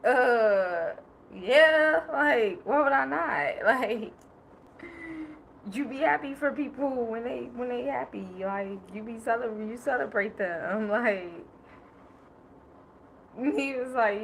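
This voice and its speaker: A woman's voice: on the high side, measured pace, gravelly, slight background noise, rough recording. Emotional, rambling woman on a livestream. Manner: emotional, rambling, laughs often. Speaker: livestream host. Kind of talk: casual personal livestream talk.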